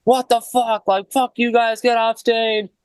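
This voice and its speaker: Man mimicking a shrill, furious woman heckler. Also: flat delivery, a little slow, clear, resonant tone, dry recording. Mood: hostile. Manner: yelling, profane, shrill. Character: angry drunk woman heckler at a bar show.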